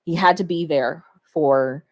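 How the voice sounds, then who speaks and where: A woman's voice: deep voice, measured pace. A woman talking casually to the camera, reflecting fondly and laughing between her thoughts. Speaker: vlogger.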